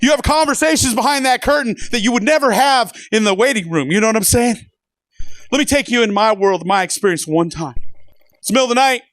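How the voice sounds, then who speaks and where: High-voiced man telling a dark story. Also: expressive, fast talker, no room sound. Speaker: first responder comedian. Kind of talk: stand-up storytelling.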